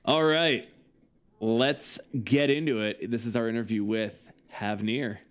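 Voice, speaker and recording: A man's voice: mid-range voice, steady tone, a little slow. A man co-hosting a podcast in casual chat, loose and joking with plenty of fillers. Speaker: podcast co-host.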